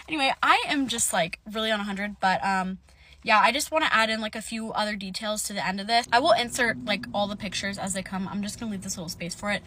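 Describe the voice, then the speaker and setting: A woman's voice: fairly high pitch, steady tone, sharp tone, dry recording. A young woman telling a long story straight to camera, angry and swearing, rambling with lots of fillers. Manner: angry, swearing, fast rambling with many likes. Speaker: vlogger telling a roommate story. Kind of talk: casual storytime rant.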